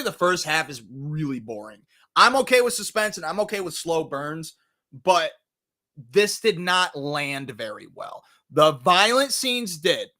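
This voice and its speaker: A man hosting a movie review show in casual chat, animated and jokey, often swearing and acting out scenes. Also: a little high. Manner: animated, jokey, profane, acts out scenes in put-on voices. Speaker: podcast host reviewing movies.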